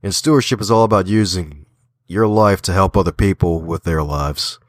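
A man from the Baltimore area, an author and podcaster, telling stories in a lively, folksy way during a remote interview. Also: low-pitched, normal speed. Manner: animated storyteller, folksy phrasing, laughs often. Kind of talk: casual conversational interview.

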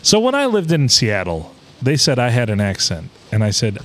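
A man with a Midwestern American accent trades crude jokes as a podcast co-host. His pitch moves a lot as he talks, and he often slips into mocking voices. His pitch sits mid-range for a man. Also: huge pitch swings, moderate pace, fairly bright tone, slight background noise. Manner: joking, profane, drops into mock voices. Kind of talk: casual crude banter.

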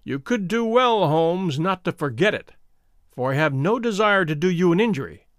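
A man voicing a fierce, menacing middle-aged explorer in a dramatic audiobook reading, with forceful, indignant outbursts. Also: high-pitched, lively intonation, moderate pace, dry recording, clean studio sound. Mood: threatening.

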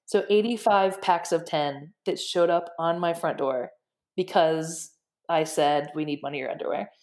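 A woman guest in casual interview chat, telling stories in an animated, excited way. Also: sits low, a little slow. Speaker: guest, shelter director.

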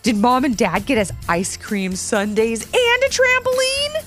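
A woman reads as a young boy in a children's storybook, his voice raised and lively but tinged with hesitance. He talks like a thoughtful big brother with soft music behind him. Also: on the high side, unhurried.

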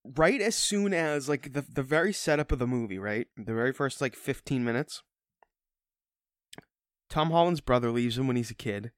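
A man's voice: medium pitch, lively intonation, moderate pace, no echo. Jokey rambling man, dry mic. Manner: rambling, jokey, does silly voice impressions. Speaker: podcast co-host. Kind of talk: casual film review chat.

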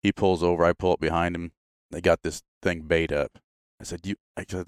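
Deep-voiced man telling hunting stories. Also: fast, no room sound, studio quality. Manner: laughing, animated storyteller doing quoted voices. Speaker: podcast guest. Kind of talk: casual storytelling.

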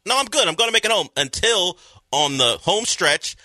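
A man co-hosting sports radio, teasing the others and telling a story in a wry, animated way. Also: high-pitched, normal speed, no room sound.

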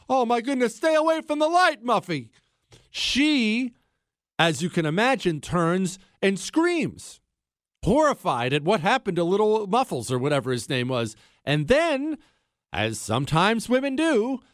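Animated, sarcastic male talk radio host. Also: high-pitched, dry recording, studio quality. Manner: animated storytelling with sarcastic asides.

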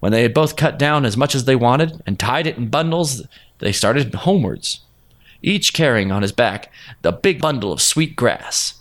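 A man narrating a storybook folk tale in a steady, expressive storytelling manner. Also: mid-range voice, normal speed.

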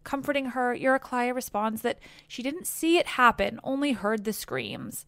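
A woman's voice: fairly high pitch, animated, moderate pace, creaky, fairly bright tone, no echo. A woman retelling an ancient myth for a podcast in a casual storytelling style, with wry, playful asides. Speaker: podcast host and narrator.

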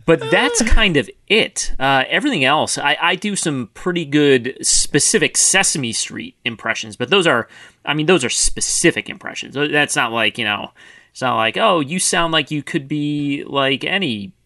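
Bright-voiced male football podcast co-host. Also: on the high side, expressive, moderate pace, no echo, studio quality. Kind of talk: casual sports podcast chat.

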